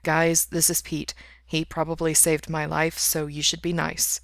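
A woman doing a quiet, weary sick young man. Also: level tone, a little slow, vocal fry, dry recording. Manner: quiet, subdued, low voice.

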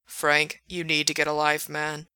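A woman voicing a blunt young man who teases his friend in a deadpan, mocking way. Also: low-pitched, a little slow, smooth, dry recording. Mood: teasing. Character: blunt teasing young man, laid-back buddy.

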